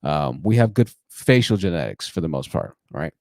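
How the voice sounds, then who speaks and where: A man hosting a livestream call-in show, telling stories in a chatty, animated way and laughing at his own jokes. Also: very deep voice, moderate pace, no echo, studio quality. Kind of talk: livestream commentary and storytelling.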